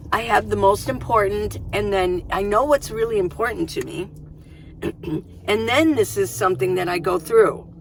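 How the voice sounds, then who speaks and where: A woman's voice: mid-range voice, gravelly, slight background noise. A middle-aged woman vlogging from inside her minivan, chatting casually and rambling, often restarting her sentences. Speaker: van-life vlogger. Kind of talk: casual chat to camera.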